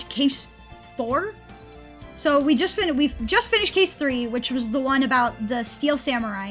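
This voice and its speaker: An excitable young woman streaming a game, chatting to her viewers in a high voice, cursing and laughing freely. Faint game music runs quietly under her talk. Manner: excitable, swearing, laughing often, talking to chat. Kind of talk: casual live-stream commentary.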